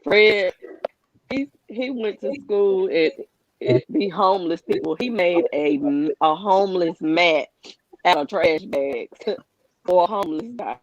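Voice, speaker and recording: A woman's voice: lowish voice, measured pace, no room sound. A woman calling in as a grieving mother, recounting her story with tender steadiness. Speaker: grieving mother, phone caller. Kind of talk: heartfelt storytelling. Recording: dull phone-call audio.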